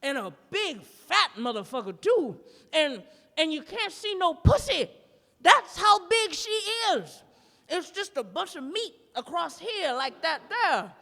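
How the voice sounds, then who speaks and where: A woman performing a standup comedy routine live, telling a story in a brash, profane, animated way. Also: very high voice, measured pace, creaky, long reverb tail. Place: live performance in a gallery space.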